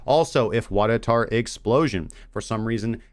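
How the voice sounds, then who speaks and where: A man's voice: lowish voice, moderate pace, no room sound, clean studio sound. A man hosting a crypto trading show, talking casually and bluntly about chart analysis and mocking vague analysts. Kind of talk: casual livestream trading commentary.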